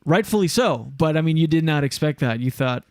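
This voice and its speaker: A man's voice: fairly high pitch, animated, a little fast, darkish tone, clean tone, dry recording. A man hosting a casual podcast chat, telling a long story with lots of fillers. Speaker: show host.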